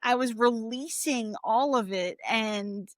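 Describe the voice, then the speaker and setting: Expressive woman in her forties, dry sound. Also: on the high side, takes it slowly, dry recording. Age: 40s. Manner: expressive, animated storyteller. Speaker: podcast co-host and coach. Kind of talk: casual conversational podcast.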